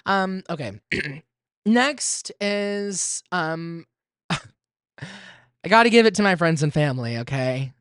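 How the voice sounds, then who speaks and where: A man's voice: sits high, a bit bright, clean tone, no echo, clean studio sound. A young man from Texas in his twenties hosting a solo podcast, chatty and self-deprecating, breaking into sudden squeals and laughs. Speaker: podcast host.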